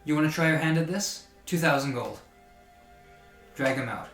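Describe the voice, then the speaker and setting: A man's voice: fairly high pitch, a bit bright, reverberant, faint music behind, close to an everyday voice. Haughty young noble, as a man puts him on. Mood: cool, condescending. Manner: polite, measured, superior. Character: haughty young male noble, coolly condescending.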